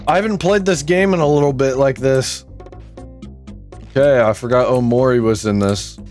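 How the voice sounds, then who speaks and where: A man's voice: mid-range voice, normal speed, darkish tone, faint music behind. A man commentating his own gameplay, exclaiming and mocking himself as he complains. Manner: exclaiming, self-mocking, complains while playing. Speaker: gaming YouTuber. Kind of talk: let's play commentary.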